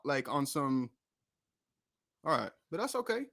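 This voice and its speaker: A man's voice: on the high side, very animated, a little fast, bright, forceful tone. A man hosting a casual music livestream, talking in a loose, rambling way with swearing and frequent self-corrections. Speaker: streaming show host and rapper.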